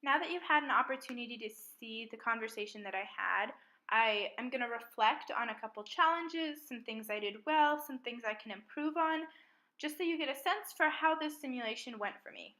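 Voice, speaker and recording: A young woman with a bright, clear-toned voice pitched a little high, speaking calmly in a measured, methodical manner. She works through a spoken reflection on her own mediation practice as a student. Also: rough recording.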